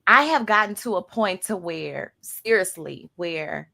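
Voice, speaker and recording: Bright-voiced woman hosting a talk show. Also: lowish voice, expressive, unhurried, vocal fry. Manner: earnest, faith-centered, rambling restarts. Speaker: radio show host. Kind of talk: casual talk show discussion.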